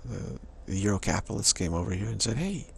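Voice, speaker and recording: A man giving a rambling spiritual monologue, an animated storyteller who repeats himself and restarts often. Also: sits low, quick pace, gravelly, slightly rough. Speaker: spiritual speaker.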